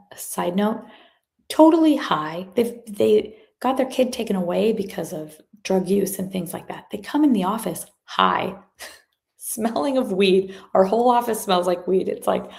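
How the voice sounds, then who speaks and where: A woman giving a motivational talk as a guest speaker, telling a story from her work in an animated way and acting out the people in it. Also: mid-range voice, a little slow, gravelly. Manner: animated, acts out quoted voices.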